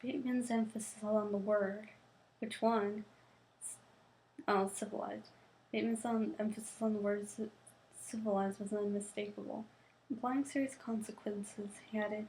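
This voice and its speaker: A woman's voice: mid-range voice, flat delivery, normal speed, a little mellow, a little hiss or hum, rough recording. Young woman reading a novel aloud, stumbling. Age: young adult. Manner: stumbling and restarting on words. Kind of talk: reading aloud with casual asides.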